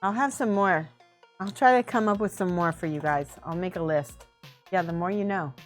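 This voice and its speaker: A woman's voice: fairly low pitch, moderate pace, faint music behind. A woman chatting casually on a livestream while painting miniatures, giggling often and thinking aloud.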